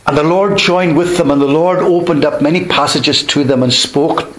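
A man preaching a sermon, expounding scripture with measured emphasis, dropping softly on key words. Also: fairly high pitch, low-quality recording.

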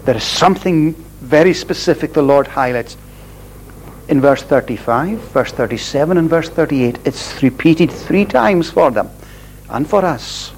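Emphatic preacher, man with raised pitch. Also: expressive, a little hiss or hum, rough recording. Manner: deliberate, emphatic, repeating phrases with rising stress. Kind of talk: sermon.

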